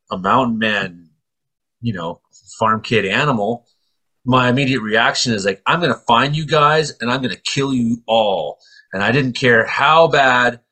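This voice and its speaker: Animated man telling a bright story. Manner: animated storyteller who acts out quoted voices with loud high yelps. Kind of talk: casual storytelling chat.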